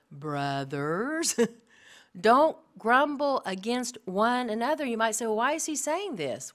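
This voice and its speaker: In a room with a live audience, a middle-aged woman leads a women's Bible study, addressing her listeners directly. She is earnest and animated, with a medium-pitched voice.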